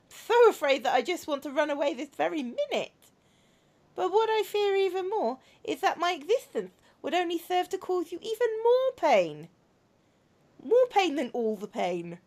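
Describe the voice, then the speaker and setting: A tender robot girl, read aloud by a woman in a visual novel, soft and earnest with a sad, wistful edge. The voice sits high and moves freely up and down. Her lines come gently, as if holding back tears. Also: very animated, normal speed. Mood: sorrowful. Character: young female robot girl, gentle and sorrowful.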